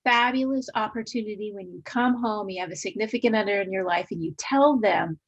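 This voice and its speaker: A woman's voice: mid-range voice, fairly quick, breathy edge, lo-fi sound. A woman hosting a podcast interview, asking questions in an encouraging, reflective way. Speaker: podcast host.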